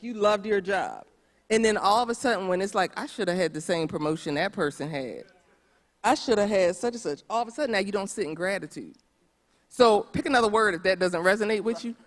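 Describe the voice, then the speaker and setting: A woman speaking on a church conference panel, animated and emphatic, repeating phrases for stress. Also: mid-range voice. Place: church auditorium.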